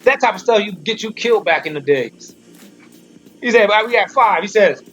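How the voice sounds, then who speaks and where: A man giving an informal Bible commentary, speaking emphatically, repeating and restarting phrases, and slowing down when he reads verses. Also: sits high, animated. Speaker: Bible teacher. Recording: dull lo-fi recording with faint music.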